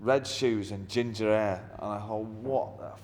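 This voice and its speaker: A man's voice: lowish voice, steady tone, unhurried, darkish tone. A middle-aged man, a musician telling anecdotes in an interview in a blunt, wry, heavily swearing manner. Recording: long reverb with faint ambient noise.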